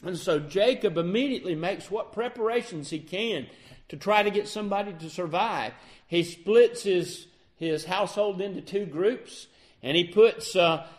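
A man with a high voice retells a Bible story in plain, conversational language. He stumbles now and then, fixing himself mid-sentence. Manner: conversational, with fillers and self-corrections.

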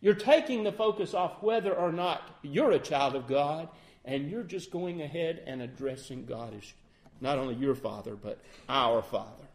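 A man's voice: fairly high pitch, moderate pace. A middle-aged man preaching a sermon in an earnest way, often asking his listeners questions and acting out sample phrasings. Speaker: lay preacher.

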